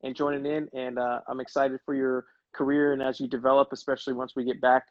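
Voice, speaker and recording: A man in his thirties, a former pro soccer player, hosts a casual livestream, telling stories in a laid-back way and calling people brother. His mid-range voice is level and fast. The recording is dry and the audio dull.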